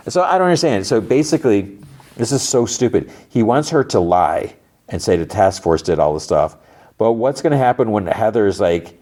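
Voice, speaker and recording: A man with a very low voice talks through a TV recap like a podcast host. He is loose and chatty, with lots of fillers. He sounds easily exasperated. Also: very animated, moderate pace, darkish tone. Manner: chatty, full of "like" and "you know"; exasperated at the plot. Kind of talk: casual episode recap.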